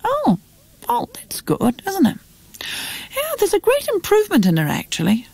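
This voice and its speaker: A woman voicing an excitable female friend, speaking high and breathless. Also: moderate pace, vocal fry, dry recording, exaggerated voice. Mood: chatty.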